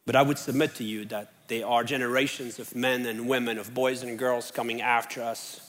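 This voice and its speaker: A man's voice: medium pitch, level tone, brisk, fairly bright tone. A man preaching a sermon in an earnest way, building up with rising questions. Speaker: pastor. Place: church sanctuary. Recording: long reverb of a church hall.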